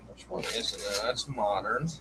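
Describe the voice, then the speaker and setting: Guy guesting on a card stream, mid-pitched, rummaging and chatting, noisy background. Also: normal speed. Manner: laughs easily and chats while digging through boxes. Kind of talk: casual livestream chat.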